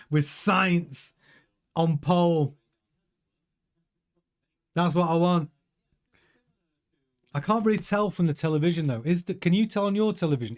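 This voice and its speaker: During a live watch-along of a race, an excitable man talks casually and keeps responding to his viewers' messages. He is chatty, and his voice sits a little higher than usual.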